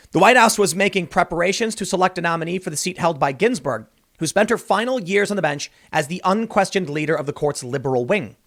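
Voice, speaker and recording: A man's voice: high-pitched, a bit bright. A man hosting a political commentary show, reading news excerpts aloud and breaking in with casual remarks like "dude" and "man".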